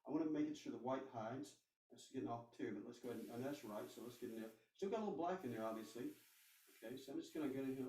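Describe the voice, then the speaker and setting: A man's voice: mid-range voice, dark tone, reverberant, recorded from a distance, poor audio. A man teaching a live airbrush painting demonstration, talking casually and reassuringly as he works. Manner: casual, reassuring, thinks aloud while working. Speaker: art instructor.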